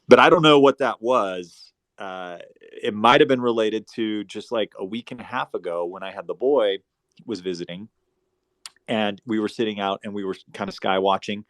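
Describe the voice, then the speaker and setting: A man telling a long, rambling story in casual talk, profane, swinging between loud bursts and quiet asides. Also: fairly low pitch, no echo.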